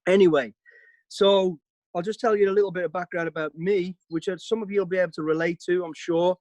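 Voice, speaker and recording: A man from Birmingham with a Brummie accent, giving an energetic, plain-spoken talk to cadets over a video call. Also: sits high, brisk, no echo. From Birmingham, England. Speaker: guest speaker.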